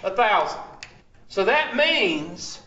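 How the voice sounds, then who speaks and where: Guy teaching a classroom, high bright voice, keeps asking the class stuff, roomy dull recording. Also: sing-song, takes it slowly. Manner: asks the class questions and repeats their answers; chatty, talks to himself over tech trouble. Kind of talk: classroom lecture.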